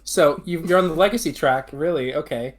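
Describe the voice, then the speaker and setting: A man's voice: a little high, brisk. Brash swearing man at a game table. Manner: brash, swearing, laid-back. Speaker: player.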